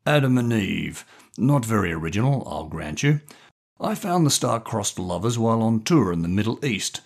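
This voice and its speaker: A man voicing a pompous older male colonel who speaks in a lordly, drawn-out way, with a husky voice. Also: lowish voice, very animated, darkish tone, voice pushed up, heavily acted. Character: old male country colonel, pompous, fond of chuckling.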